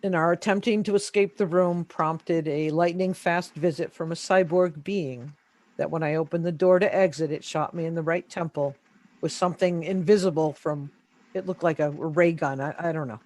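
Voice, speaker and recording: Picture a woman guest on a video call recounting a strange personal experience. She speaks casually and haltingly, stumbling and repeating words as she gathers her thoughts. The sound comes through a home computer mic. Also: low-pitched, steady tone, darkish tone, dry recording, poor audio. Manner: hesitant, halting, repeats words when searching. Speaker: interview guest. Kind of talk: casual first-person storytelling.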